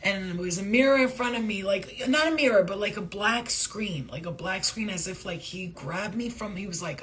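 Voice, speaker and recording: A woman giving a casual spiritual reading to her viewers, talking in a rambling, excitable and profane way. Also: mid-range voice, normal speed, few pauses. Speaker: spiritual reader.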